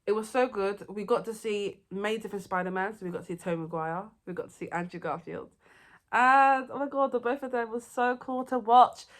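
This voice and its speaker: A young woman, chatting excitedly and rambling through her favourite movies in a casual vlog. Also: medium pitch, a little fast. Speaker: vlogger. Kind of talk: casual movie review chat.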